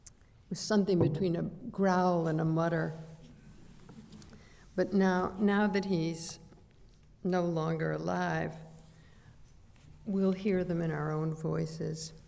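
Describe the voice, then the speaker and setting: A woman with a low, gravelly voice introduces and reads a poem. She speaks slowly and wryly, in a dark, mellow tone. The sound carries the long echo of a lecture hall. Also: steady tone. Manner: unhurried, wry, thoughtful. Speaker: poet reading at an event. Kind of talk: poetry reading.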